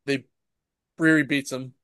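A man in casual podcast chat, retelling a show in an animated way and swearing freely. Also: medium pitch, measured pace, no echo. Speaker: podcast co-host.

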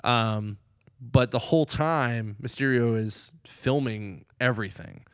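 A man chatting casually, recapping a movie in an excited, rambling way and acting out the characters' lines. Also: medium pitch, takes it slowly, smooth, no echo, studio quality. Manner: excited, rambling, acts out quotes.

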